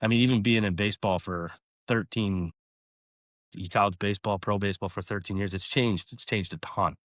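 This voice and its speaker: A man's voice: on the low side, fairly even intonation, brisk, no room sound, studio quality. A man, a college baseball coach, talking casually in a podcast interview, rambling with lots of fillers and acting out conversations.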